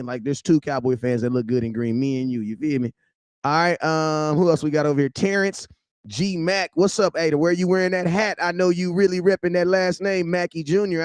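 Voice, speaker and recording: A man's voice: fairly high pitch, clean tone, no room sound, clean studio sound. Slangy man hosting a livestream. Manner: shouts out viewers by name, slangy and loud. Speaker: livestream host. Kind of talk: casual livestream chat.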